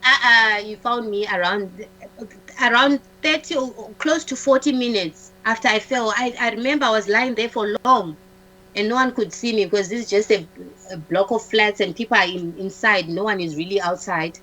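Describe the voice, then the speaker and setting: A woman, a talk-show guest, telling a personal story in a halting way, restarting often, repeating words and acting out what others said. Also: medium pitch, pushed and bright, slight background noise, low-quality recording. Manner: acts out the dialogue of others in her story.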